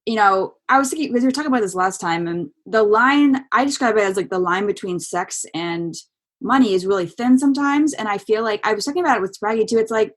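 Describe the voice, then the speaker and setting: A woman's voice: medium pitch, lively intonation, fast talker. A woman co-hosting a casual podcast, jumping in to make a thoughtful point. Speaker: podcast co-host.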